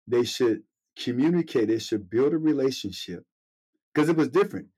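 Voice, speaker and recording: Male interview host, husky mid-pitched voice, reflective and affirming. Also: lively intonation, normal speed, warm tone, rough recording. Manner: brief affirmations, reflective follow-ups. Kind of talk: interview chat.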